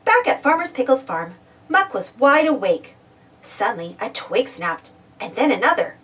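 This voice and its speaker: A woman gently reading a children's storybook aloud as a storyteller. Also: a little high, sing-song, moderate pace, recorded from a distance.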